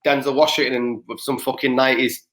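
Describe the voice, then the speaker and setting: A man's voice: mid-range voice, flat delivery, brisk, fairly bright tone. A young man, co-hosting a podcast and telling rambling, sweary stories full of restarts. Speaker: podcast co-host. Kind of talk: casual chat.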